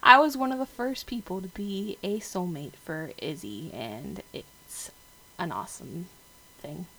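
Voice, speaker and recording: A woman's voice: lowish voice, measured pace, creaky, fairly bright tone, a little hiss or hum, low-quality recording. Boastful country-twanged fan, put on by a woman, drawling and pleased with herself. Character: proud early supporter with a put-on country drawl.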